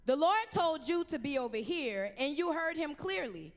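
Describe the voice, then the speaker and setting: A woman's voice: sits high, big pitch swings, normal speed, in a large hall. A woman preaching a conversational youth sermon in a church, full of slang and call-and-response with the crowd. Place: church sanctuary.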